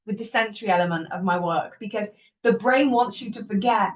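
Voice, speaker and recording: A woman hosting a self-help podcast, talking in an animated way, laughing often and acting out her inner voices. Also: medium pitch, fairly quick. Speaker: podcast host. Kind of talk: motivational self-help talk. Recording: voice a bit distant from the mic.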